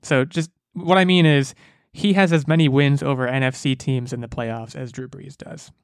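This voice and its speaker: A man hosting a casual podcast, joking and rambling in an animated way. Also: mid-range voice, normal speed, smooth, dry recording, clean studio sound. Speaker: podcast host.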